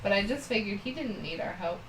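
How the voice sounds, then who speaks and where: A woman's voice: medium pitch, animated, brisk, roomy sound, far from the mic, over a noisy crowd, rough recording. A woman co-hosting a podcast in casual chat, with playful, teasing banter. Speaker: podcast co-host.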